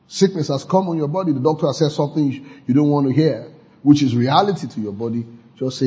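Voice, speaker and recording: A man preaching a sermon, acting out quotes in high voices and leading the congregation in declarations. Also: fast talker, mellow, muffled recording. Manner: leads congregation in call-and-response declarations. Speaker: pastor.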